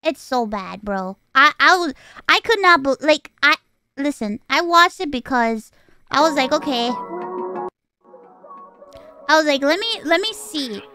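High, lively woman ranting on stream. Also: measured pace, long pauses, no echo, faint music behind. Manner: exasperated, swearing, incredulous rhetorical questions. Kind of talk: casual livestream rant.

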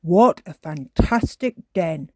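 A woman reading a storybook aloud and voicing a patient father pig who speaks calmly and gently coaxes. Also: lowish voice, slow pace, no echo, clean studio sound. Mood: kindly.

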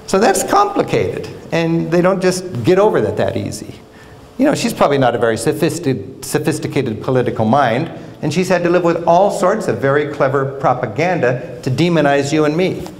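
A man giving a public travel lecture in a university hall, telling stories in an animated way with wry humor. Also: medium pitch. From United States. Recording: roomy hall sound.

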